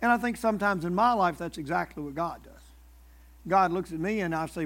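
A man's voice: high voice, a little fast, a bit bright. A man preaching a sermon in a conversational way, often restarting his words and acting out what people say. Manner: conversational preaching with many repeated starts and acted-out quotes. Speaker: pastor.

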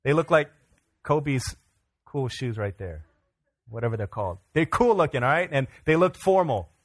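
A male pastor tells a personal story from the pulpit in a voice of ordinary pitch. He slips into the other people's lines with lively, animated delivery. The sound is close and dry, with little room echo. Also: moderate pace. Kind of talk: sermon illustration storytelling. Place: church sanctuary.

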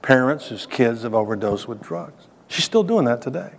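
A man's voice: medium pitch, big pitch swings, normal speed. A man giving an earnest, emphatic sermon-style testimony and addressing listeners directly. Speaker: speaker. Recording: long hall reverb.

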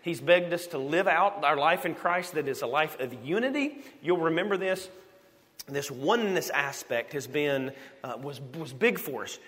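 A man's voice: a little high, expressive, normal speed, a bit bright. A man from the United States preaching a sermon, telling a story with animation and asking the congregation questions. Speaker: pastor. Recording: long hall reverb.

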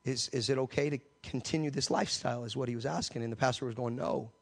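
A man preaching a sermon, telling an animated story and acting out the voices in it. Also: mid-range voice, quick pace, vocal fry.

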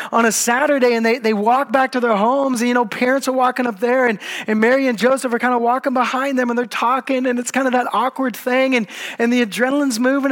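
A man preaching a sermon, telling the story in a casual, conversational way with lively asides. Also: very high-pitched. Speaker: pastor. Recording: long hall reverb.

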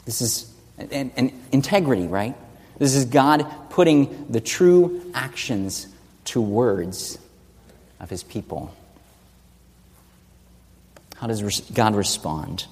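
A man's voice: mid-range voice, lively intonation, slow, pauses often, darkish tone, husky. A man preaching an expository sermon, teaching earnestly and asking rhetorical questions. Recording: long reverb of a large hall.

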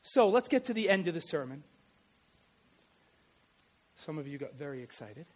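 A middle-aged man preaching a sermon, telling stories in a lively way and swinging from loud to quiet. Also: on the high side, moderate pace. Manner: animated storytelling, varies loudness widely. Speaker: pastor and history teacher.

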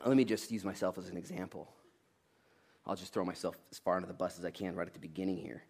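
A man in his thirties preaching a sermon, jokey and animated, swinging between loud bursts and quiet asides. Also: sits low, quick pace, slightly rough. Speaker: pastor.

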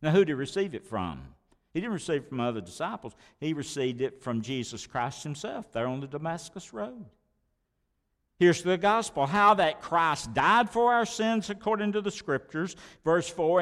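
A man preaching a sermon as pastor, emphatic, repeating words and swinging between loud declarations and quiet asides. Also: fairly high pitch, sing-song, moderate pace, big-room sound.

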